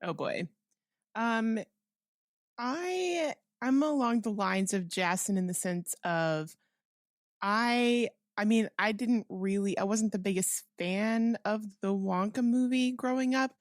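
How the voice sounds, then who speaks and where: A woman's voice: mid-range voice, lively intonation, slow, dry recording, studio quality. A woman co-hosting a podcast, chatting casually about a film in an easygoing, rambling way. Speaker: podcast co-host. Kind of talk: casual movie review chat.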